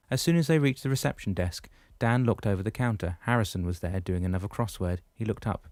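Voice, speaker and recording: A man reading a novel aloud as audiobook narrator, steady and measured, on a close mic. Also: fairly low pitch, dry recording. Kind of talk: scripted narration.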